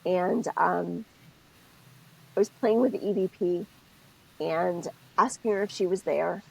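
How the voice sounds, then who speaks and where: Gravelly, husky woman podcast co-host. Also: fairly low pitch, unhurried, poor audio. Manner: expressive, thinks aloud, self-interrupting. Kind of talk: casual spiritual chat.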